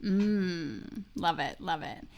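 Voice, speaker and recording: A woman hosts an interview podcast. She answers her guest with brief affirmations and moves on with quick, rapid-fire questions. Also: lowish voice, dull audio. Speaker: podcast host.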